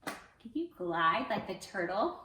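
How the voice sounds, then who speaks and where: A woman's voice: mid-range voice, sing-song, slow, sharp tone, a little hiss or hum. A young woman leading an interactive story time for babies and their grown-ups, coaxing them to join in with a sing-song delivery. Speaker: teaching artist leading baby story time. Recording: roomy, from off-mic.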